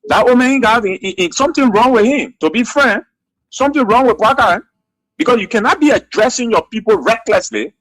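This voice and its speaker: A man with a Liberian English accent calls in to a radio show, heated and critical, and hammers the same points again and again. His voice is fairly high. The sound is dry and close. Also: brisk, fairly bright tone, no room sound, rough recording. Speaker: caller. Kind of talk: call-in radio talk.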